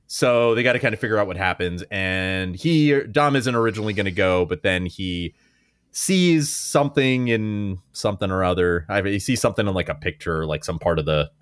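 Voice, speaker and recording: Rambling low-voiced man on a movie podcast. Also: expressive, a little fast, smooth, no echo, studio quality. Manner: rambling, laughing, many fillers and restarts. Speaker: podcast host summarizing a movie. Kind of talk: casual movie podcast chat.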